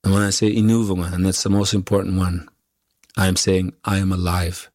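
A male musician, a guest whose first language is Inuktitut, answering interview questions haltingly with many pauses and fillers. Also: low-pitched, flat delivery, a little mellow, dry recording, studio quality.

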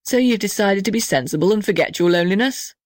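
A woman's voice: mid-range voice, expressive, fast talker, no echo, studio quality, lightly acted. A woman voicing a very old, kindly male tree with a hearty, reassuring manner.

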